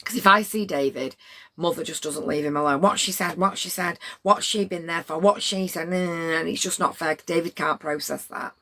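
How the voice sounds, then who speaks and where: A woman's voice: lowish voice, fairly quick, pushed and bright. A middle-aged woman, telling a story to her livestream chat in a blunt, rambling way with plenty of swearing.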